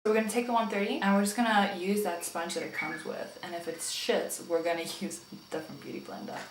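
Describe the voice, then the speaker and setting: A woman's voice: medium pitch, flat delivery, fast talker. A young woman from South Africa doing a casual makeup tutorial vlog, chatty and playful, joking with herself and her viewers. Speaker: beauty vlogger. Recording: echoey room with faint background noise.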